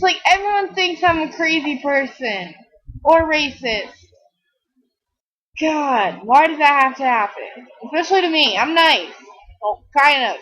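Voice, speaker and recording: A woman's voice: high-pitched, sharp tone, low-quality recording. A teenage girl chatting casually while playing a game, rambling and giggling, a bit tired from little sleep, and acting out the people she quotes. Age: teens. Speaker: gaming video creator. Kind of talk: rambling casual chat over gameplay.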